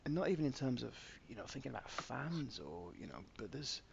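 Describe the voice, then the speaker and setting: Gravelly man chatting frankly. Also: medium pitch, very animated, a little fast, dull audio, heavy background noise. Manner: frank, sweary, self-deprecating, stammering restarts. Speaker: author. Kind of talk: casual podcast conversation.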